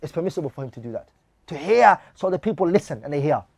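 A man's voice: fairly high pitch, animated, quick pace, gravelly, dry recording. A man teaching a religious class, reading lines of Arabic text and then explaining them in English while putting questions to his listeners.

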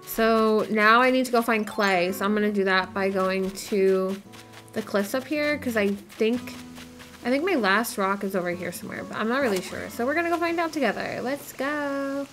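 A woman's voice: on the high side, normal speed, fairly bright tone, faint music behind. A woman giving casual gameplay commentary, chattering in a scatterbrained, self-deprecating way. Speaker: gaming YouTuber.

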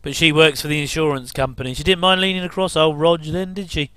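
A man's voice: fairly high pitch, steady tone, fast, a bit bright, clean tone, dry recording. A middle-aged man giving a chatty, jokey commentary over a TV episode. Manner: chatty, jokey asides with chuckles. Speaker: commentary host. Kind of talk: casual watch-along commentary.

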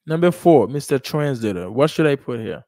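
A man's voice: medium pitch, very animated, moderate pace, warm tone, dry recording. Male English teacher, patient and repetitive, close dry sound. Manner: explains in Haitian Creole and French, repeats English sentences; asks and praises students, says "ok?" and "good job". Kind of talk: classroom teaching.

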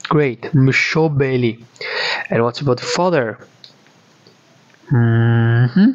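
A man's voice: mid-range voice, very slow. A man from Georgia with a Georgian accent, teaching a beginner language lesson and patiently repeating each word many times. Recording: dull, dry lo-fi audio.

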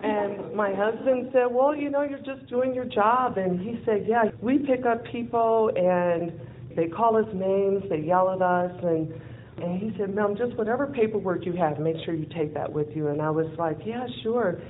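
Woman telling a lively story, tinny audio. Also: mid-range voice, moderate pace. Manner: animated, acts out quoted dialogue, laughs often. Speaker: event speaker. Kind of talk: personal storytelling talk. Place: event venue in front of an audience. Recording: tinny phone-like lo-fi audio with faint hiss.

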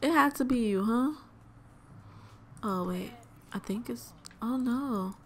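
Young woman host, casual game commentary, slightly high voice, unhurried delivery, chatty and exclamatory, talks to viewers directly. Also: slight background noise. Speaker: let's play host.

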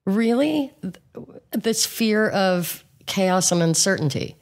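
A woman's voice: medium pitch, animated, slow pace, a little mellow. A woman guest and coach on a podcast, talking frankly and with animation, with many fillers. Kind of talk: casual conversation.

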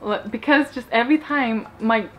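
A young woman, a book YouTuber whose voice is going hoarse, reading viewer questions aloud and answering them in a casual chat. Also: fairly high pitch, moderate pace, a bit bright, soft background music. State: hoarse, losing her voice.

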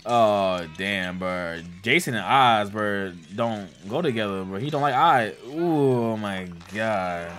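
A young man hosting a casual movie reaction, excitable and slangy, laughing and swearing as he talks to viewers. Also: fairly low pitch, slow, few pauses, soft background music. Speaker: reaction host.

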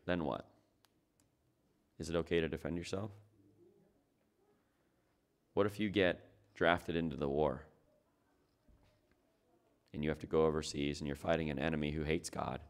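Very deep-voiced male pastor preaching. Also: fairly even intonation, normal speed, pauses often. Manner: conversational, asks the congregation rhetorical questions. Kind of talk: sermon.

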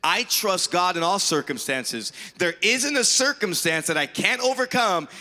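Pastor guy reading bible verses, high bright voice, super enthusiastic, church echo behind him. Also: lively intonation, measured pace. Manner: enthusiastic, repeats "I love that statement". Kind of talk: sermon with scripture reading. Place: church sanctuary. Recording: long reverb of a church hall.

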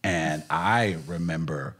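A man's voice: extremely low pitch, slow, fairly bright tone. A man co-hosting a live podcast, chatting casually and dropping wry jokes. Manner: wry, joking asides. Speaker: podcast co-host. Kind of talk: casual chat. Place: bar lounge.

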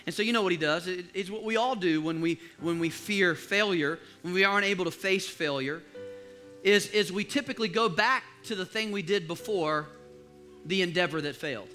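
A pastor preaching a sermon, rousing the congregation to call back and dropping to quiet, confiding asides between loud rallying lines. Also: male voice, high-pitched, normal speed, soft background music. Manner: exhorting, call-and-response with the congregation. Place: church service.

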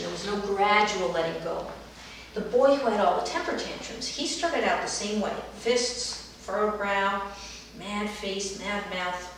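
A middle-aged woman therapist recounts a therapy session in a calm, gentle storytelling manner. Her voice sits at an ordinary pitch for a woman. It carries a heavy room echo and is heard from some distance away from the mic. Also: a little hiss or hum. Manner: calm, gentle storytelling, livelier when acting out children. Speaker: dance movement therapist.

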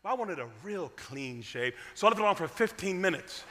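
A man from Cleveland preaching a storytelling sermon, with humor and dramatic swings from loud to hushed. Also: sits high, lively intonation, brisk. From Cleveland, USA. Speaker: guest preacher. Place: church sanctuary. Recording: long reverb of a church sanctuary.

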